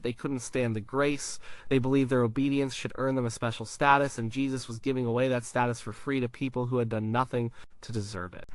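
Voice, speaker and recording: A man giving a scripted Bible teaching in a measured, emphatic way, with deliberate pauses. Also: mid-range voice, fairly bright tone, no room sound. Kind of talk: scripted narration.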